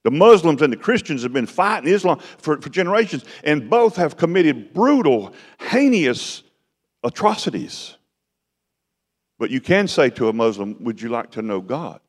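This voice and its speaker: A man preaching a sermon in a folksy, conversational way that builds louder and higher. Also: big pitch swings, moderate pace. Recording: long hall reverb.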